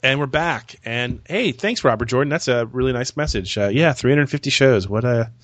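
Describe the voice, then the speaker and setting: A man's voice: mid-range voice, normal speed, fairly bright tone, soft background music. A man hosting a casual podcast chat. He rambles and repeats words as he starts his sentences. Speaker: podcast host.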